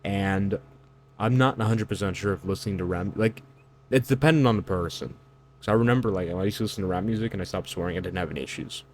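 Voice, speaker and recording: A man's voice: sits low, quick pace, a little mellow, slight background noise. A man giving reaction commentary on song lyrics, incredulous and lecturing, with loose fillers and restarts. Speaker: online commentator.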